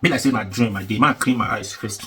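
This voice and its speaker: A man with a Nigerian accent giving excited, mocking news commentary that mixes in Pidgin. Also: lowish voice, a little fast, a crowd in the background. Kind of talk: animated commentary in Pidgin-mixed English.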